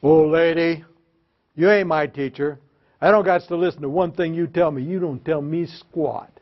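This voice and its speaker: A man's voice: fairly high pitch, moderate pace, lightly acted. A man voicing a defiant schoolboy who rudely talks back to a teacher, within a told story. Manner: rude, talking back. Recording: slightly dull lo-fi recording.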